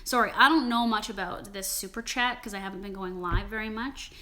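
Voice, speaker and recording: A woman's voice: medium pitch, fairly quick, pushed and bright. A young woman hosting a live-stream Q&A about her cookbook, talking casually, with lots of "like" and frequent swearing. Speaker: cookbook author and vegan food channel host.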